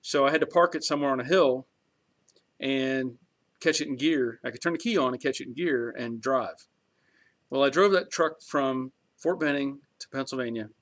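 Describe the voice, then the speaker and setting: A man's voice: mid-range voice, normal speed, fairly bright tone. A middle-aged man hosting a garage channel, chatting casually on a live stream and reading viewer comments in a talkative, rambling way with chuckles.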